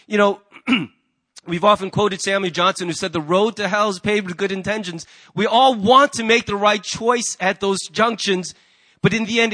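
High-voiced animated male pastor. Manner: animated storyteller, acts out the people in his anecdotes. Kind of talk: sermon with storytelling.

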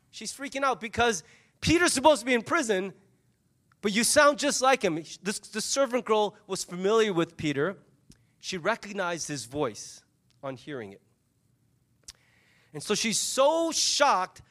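A high-pitched man delivers a sermon with animated storytelling energy. He retells a scene, dropping into the voices of its people. His delivery shifts between quick asides to the congregation and slowed, emphatic moments. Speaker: pastor.

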